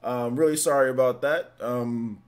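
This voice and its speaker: A man's voice: medium pitch, fairly even intonation, normal speed, clear, resonant tone. A man hosting a casual gaming livestream, upbeat and rambling as he greets chatters by name. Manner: loose and rambling, many fillers. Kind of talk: casual live-stream chat.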